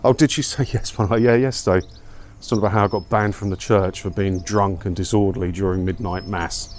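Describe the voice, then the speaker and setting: A very low-pitched man chatting casually to camera as he walks uphill outdoors. His talk rambles from one thing to the next, loose and self-mocking, with faint outdoor noise behind him. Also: steady tone, brisk, a little mellow. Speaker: vlogger. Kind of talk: casual walking vlog chat. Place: outdoors, walking up a hill.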